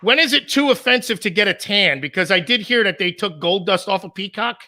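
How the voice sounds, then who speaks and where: A man co-hosting a live stream in casual chat, rambling and teasing in an animated way. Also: high voice, fairly quick. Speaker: co-host.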